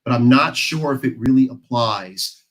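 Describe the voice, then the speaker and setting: A man's voice: mid-range voice, moderate pace, fairly bright tone, low-quality recording. An American man on a discussion panel, talking casually and emphatically, telling stories to make his points. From United States. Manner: storytelling, emphatic.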